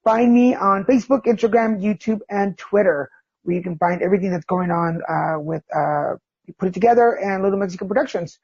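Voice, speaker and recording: A male podcast host chatting casually with a guest, loose and full of ums and easy laughter. His voice sits in the middle range with a slightly husky edge. The recording is dull and lo-fi. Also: high-pitched, fairly quick. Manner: relaxed, filler-heavy, laughing. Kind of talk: casual interview. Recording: dull lo-fi sound.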